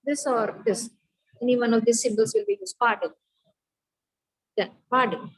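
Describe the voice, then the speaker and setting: High-voiced woman teaching phonetics. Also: animated, fairly quick, darkish tone, poor audio. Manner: explains step by step, checks understanding. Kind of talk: phonetics lecture.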